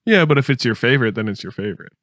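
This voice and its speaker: A man co-hosting a podcast in casual chat, laid-back and quick to chuckle. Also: mid-range voice, big pitch swings, a bit bright, dry recording, clean studio sound. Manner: laid-back, chuckles often, acts out quotes. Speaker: podcast co-host.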